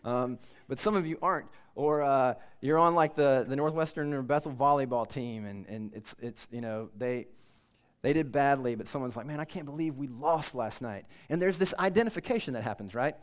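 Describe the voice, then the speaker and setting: A man's voice: medium pitch, brisk, clear, resonant tone. A male pastor delivers a casual, conversational sermon to a room of students. He is earnest but informal, and he pokes fun at himself as he goes. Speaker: campus pastor.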